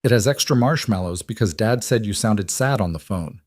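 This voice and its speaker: A man's voice: on the low side, lively intonation, normal speed, darkish tone, dry recording, studio quality. A man voicing a serious, caring little girl who talks earnestly. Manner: serious, eager.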